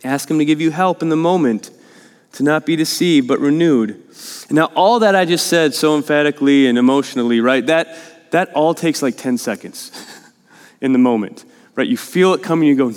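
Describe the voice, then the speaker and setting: A man's voice: on the high side, normal speed, a little mellow, in a large hall. A male pastor preaching a sermon in a church, earnest and conversational, often checking in with "right?" and growing emphatic as he pleads. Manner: grows emphatic and urgent in pleading passages. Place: church sanctuary.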